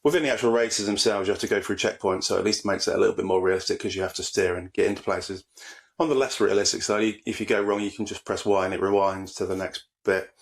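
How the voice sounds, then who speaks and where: A man co-hosting a casual podcast, his lowish voice running at a brisk clip. He chats in an easygoing way, explaining things at length. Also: steady tone, vocal fry. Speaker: podcast co-host. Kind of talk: casual chat.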